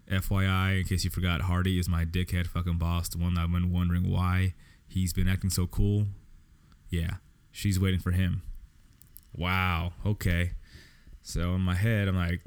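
A man's voice: sits low, moderate pace, clear, resonant tone. A man, hosting a podcast and telling a long story, full of swearing and acted-out dialogue. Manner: profane, animated storytelling with quoted dialogue. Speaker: podcast host. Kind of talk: casual storytelling monologue.

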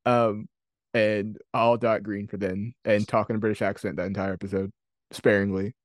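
A man's voice: fairly low pitch, flat delivery, normal speed, no room sound, studio quality. A man co-hosting a casual podcast chat over a call, teasing and a bit sassy. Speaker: podcast co-host. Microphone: remote call mic.

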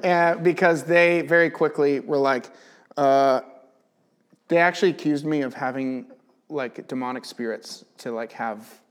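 Male Bible teacher, pitched a touch high, chatty and animated testimony style. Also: unhurried, smooth. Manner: animated storyteller, chatty with many "like" fillers. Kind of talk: casual teaching with personal testimony.

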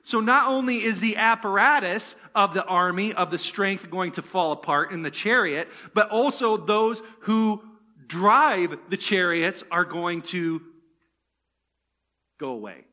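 A man's voice: high voice, measured pace, pushed and bright. A man preaching a sermon as pastor of a church, conversational, asking the congregation rhetorical questions and slipping in joking asides.

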